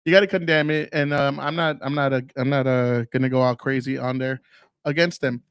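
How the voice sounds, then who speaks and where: A man in his forties hosts a solo podcast, rambling loosely with lots of fillers, free swearing, and a lingering cough. His mid-range voice moves fairly quickly with fairly even intonation, in clean, echo-free studio sound.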